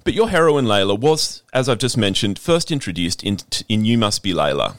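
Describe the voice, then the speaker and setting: A man's voice: on the low side, big pitch swings, fairly quick, fairly bright tone, no room sound. An Australian man hosting an interview over a video call, enthusiastic and restarting often. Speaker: podcast host. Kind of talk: interview host.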